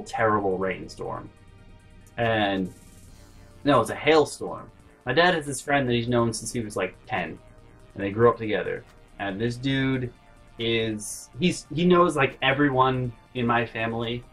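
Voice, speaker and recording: A man's voice: mid-range voice, fairly bright tone, low-quality recording. A man hosting a storytime vlog, rambling and interrupting himself, dropping to mutters. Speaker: vlog host.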